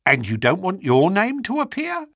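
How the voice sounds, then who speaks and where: Brief: male reader playing a brusque, indignant inspector with a bright edge. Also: high voice, huge pitch swings, normal speed, no echo, studio quality, voice pushed up, heavily acted. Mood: grateful. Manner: blunt, gruff, indignant.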